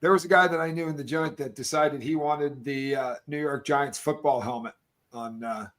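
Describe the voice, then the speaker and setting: Joking higher-voiced man host. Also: normal speed. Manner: storytelling, animated and joking. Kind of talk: casual chat.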